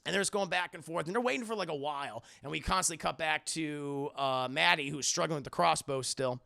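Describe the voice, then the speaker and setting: A man's voice: on the high side, fairly quick, gravelly, pushed and bright. A man streaming a live film recap, rambling and profane, often talking to his chat.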